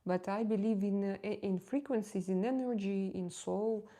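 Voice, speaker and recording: She has a mellow mid-range voice and a moderate pace. On her live stream, this tarot reader chats casually, candid and confiding, laughing easily and often hesitating or repeating herself as she searches for words.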